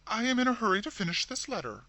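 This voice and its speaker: A man's voice: fairly high pitch, big pitch swings, normal speed, bright, forceful tone, dry recording, pitched above the performer's own voice. A man voicing a stern woman who answers in harsh, clipped words. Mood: curt. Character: stern, curt woman holding herself rigid.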